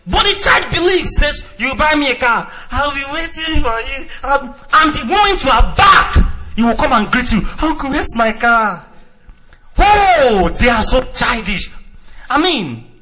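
Male pastor, high lively voice, dull lo-fi sound, acts out scenes and shouts. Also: unhurried. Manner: animated, acts out dialogue, shouts and drops to quiet asides. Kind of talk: sermon.

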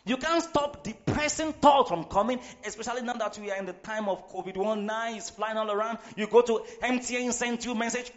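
A man from Nigeria preaching a sermon in a church, emphatic, sometimes shouting, often repeating his phrases. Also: very high-pitched, a little fast, few pauses. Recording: slightly dull recording with faint music behind.

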